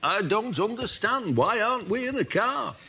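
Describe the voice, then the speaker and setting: A bumbling, plummy politician, played by a man, overly polite and animated, with a lively, swooping voice. Loud audience laughter and noise fill the background. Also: high voice, normal speed. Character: bumbling, eager posh prime minister. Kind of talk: improvised comedy sketch.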